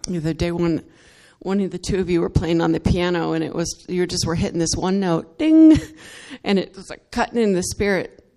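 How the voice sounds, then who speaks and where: A woman's voice: fairly low pitch, steady tone, brisk, hardly any pauses, a little mellow. A woman giving an earnest, emotional testimony in worship, laughing between phrases and growing more fervent as she goes. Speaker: church member giving testimony.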